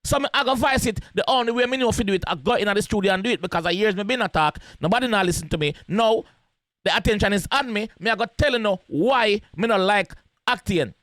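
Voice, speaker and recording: A man's voice: sits high, quick pace, a bit bright, no room sound. A man with a Jamaican accent giving casual, emphatic commentary on a song as host of a reaction video, repeating his points in patois slang.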